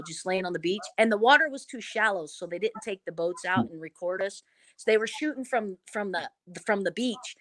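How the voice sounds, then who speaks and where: In a mid-range voice with no room sound, this Kentucky woman from the South recounts stories during a casual interview. Once a reality show contestant, she now appears as a guest, narrating with drama, animation, and homespun turns of phrase.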